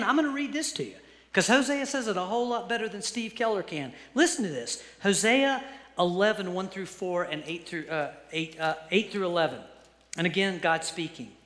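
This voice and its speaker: A male pastor preaching a sermon, reading scripture slowly and softly, then speeding up for earnest asides. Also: high-pitched, long reverb tail.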